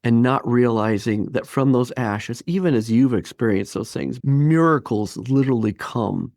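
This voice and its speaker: A man in his fifties telling a personal story as a podcast guest, lively and acting out the voices of people he quotes. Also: mid-range voice, normal speed, vocal fry, no echo, clean studio sound. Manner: animated, acts out quoted voices. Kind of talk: storytelling interview.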